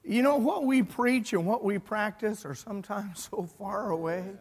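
A male pastor preaching a sermon, retelling a story with animated swings between loud and hushed delivery. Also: high voice, normal speed, slightly rough. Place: church sanctuary. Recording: long hall reverb.

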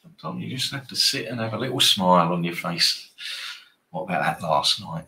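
A man's voice: low voice, animated, a little fast, creaky, bright, forceful tone. A man hosting a live football trading stream, chatting casually and bantering with viewers in a rambling way.

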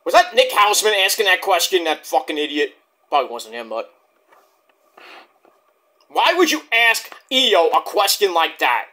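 A man's voice: high voice, very animated, moderate pace, long pauses, sharp tone. A man reviewing a wrestling show in a heated, profane, rambling rant.

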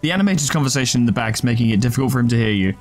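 A man's voice: medium pitch, lively intonation, racing. A man hosting a let's play, joking and laughing often as he reads the game text aloud. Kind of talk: gameplay commentary and reading game text aloud. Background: game music.

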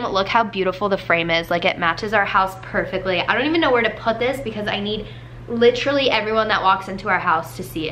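A woman's voice: medium pitch, pushed and bright, a little hiss or hum. A young woman vlogging casually at home, chatty and gushing, with plenty of filler "like"s. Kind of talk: casual vlog talk to camera.

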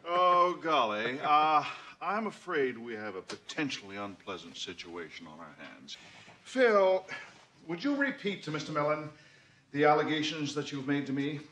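A man's voice: fairly high pitch, very animated, normal speed, pushed and bright, slight background noise. An actor playing a timid, folksy male college dean who speaks mildly and politely. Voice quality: mild, old-fashioned exclamations.

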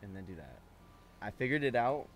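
A gaming channel host plays a video game in let's play style, muttering frustrated, swear-heavy commentary to himself. His mid-range voice is sing-song, brisk, and fairly bright, with slight background noise.

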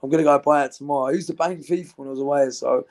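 A man's voice: fairly high pitch, steady tone, very fast, darkish tone. A young man, talking in loose, rambling, laddish banter in an interview. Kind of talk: casual chat.

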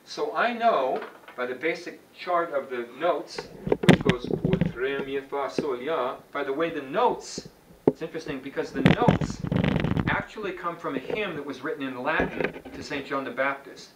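A man's voice: fairly high pitch, lively intonation, normal speed. A man teaching a chant class, explaining informally to students with restarts and asides. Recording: roomy sound from a distance, faint background noise.

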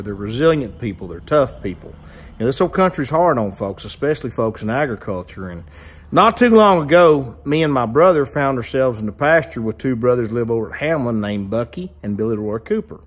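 A man telling a folksy ranch tale in an easygoing drawl. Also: mid-range voice. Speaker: storyteller. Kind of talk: folksy storytelling.

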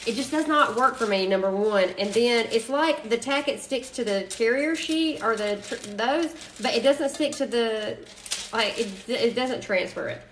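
A woman's voice: fairly high pitch, normal speed, echoey room, slight background noise. A woman with a Southern US accent hosting a casual craft live stream, chatty and greeting viewers, saying y'all often.

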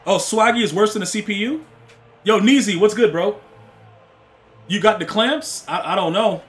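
High-voiced slangy man streaming a game. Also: moderate pace, faint music behind. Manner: slangy, rambling, talks to chat and opponents. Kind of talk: casual live-stream chat and trash talk.

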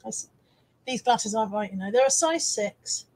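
Her voice a little high and slightly mellow, with lively intonation and a moderate pace, a middle-aged woman livestreams casually from home on low-quality audio picked up by a nearby wired camera. She teases and chats while reading viewer comments aloud and showing the items she's bought to resell.

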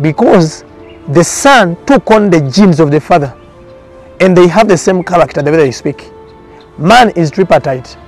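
A man's voice: a little high, a little mellow. Earnest man with a preaching cadence. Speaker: prophet. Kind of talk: testimony in a documentary interview.

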